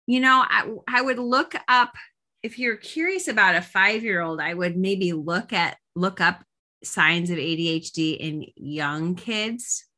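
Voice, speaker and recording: A woman's voice: fairly low pitch, measured pace, pushed and bright. A woman in her forties leading a parenting coaching group, talking casually with many fillers and restarts.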